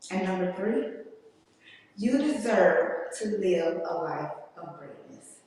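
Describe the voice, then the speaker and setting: A woman giving an earnest, emotional personal testimony to a conference audience, speaking slowly with long pauses. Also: lowish voice, expressive, darkish tone. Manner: slow, deliberate delivery with long pauses. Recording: echoey hall, distant mic.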